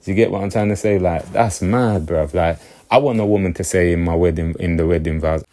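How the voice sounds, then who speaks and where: A man talking in a very low, deep voice. His casual monologue rambles and loops back on itself. He keeps asking whether the listener gets what he means. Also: fairly even intonation, moderate pace, darkish tone. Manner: rambling, repeats himself, keeps checking "you get me". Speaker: commentator.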